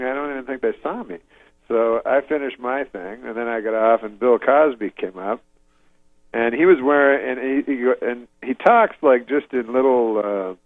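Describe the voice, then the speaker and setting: A man, a comedian, telling a long rambling story in a halting, deadpan way and chuckling now and then. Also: mid-range voice, creaky, no room sound. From Canada. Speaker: comedian guest. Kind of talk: rambling storytelling on a radio interview. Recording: dull dry lo-fi radio recording.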